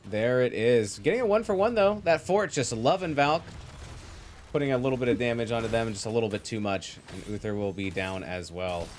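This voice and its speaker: Guy doing excited esports commentary, bouncy animated delivery, cracks jokes, bit of hiss in the background. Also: medium pitch. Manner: excitable, jokey, quick to laugh and riff. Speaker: esports play-by-play caster. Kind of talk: lively live game commentary.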